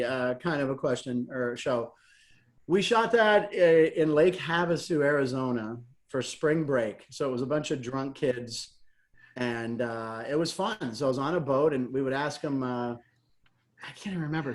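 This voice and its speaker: A middle-aged man telling stories in a casual interview, animated and laughing often as he acts out what people said. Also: on the high side. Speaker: guest, comedian and game show host.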